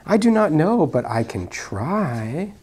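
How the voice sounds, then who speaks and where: Silly friendly snake from a kids book, slowish and bouncy, mom doing the voice. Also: female voice, low-pitched, very animated, dark tone, slightly rough, voice pushed up, full character voice. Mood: playful. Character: silly playful snake who tries anyway.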